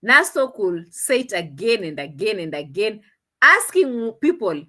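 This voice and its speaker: A woman's voice: medium pitch, unhurried. A woman giving a laughing, mocking reaction commentary on a village video. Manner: laughs often, mocking, animated retelling. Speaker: commentary vlogger.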